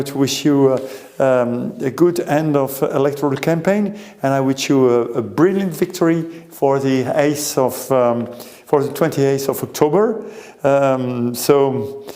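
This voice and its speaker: A man with a French accent giving a formal ceremony speech, halting often with many hesitations. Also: medium pitch, mellow. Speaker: delegation committee member.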